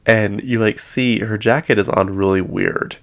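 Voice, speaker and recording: Man, very low voice with fry, casual gossip host recapping reality shows, loose and rambling. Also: steady tone, a little slow, a bit bright. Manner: chatty, rambling, heavy use of "like". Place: at home.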